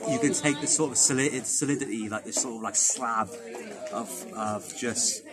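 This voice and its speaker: A Welsh man, a guitarist, chatting in a rambling, animated way in a backstage interview. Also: medium pitch, normal speed. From Wales. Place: backstage after a gig. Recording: crowd noise behind. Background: crowd noise.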